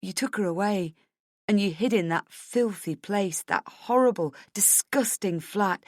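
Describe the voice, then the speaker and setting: A woman's voice: medium pitch, no echo, clean studio sound, pitched above the performer's own voice, close to an everyday voice. A woman voicing a scared, tearful young husband. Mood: distressed. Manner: soft, halting, pleading.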